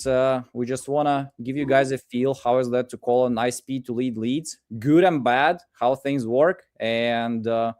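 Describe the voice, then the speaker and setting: A man's voice: medium pitch, a little mellow. Man, livestream host, upbeat, hype-building, lots of fillers, computer mic. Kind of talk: casual livestream chat.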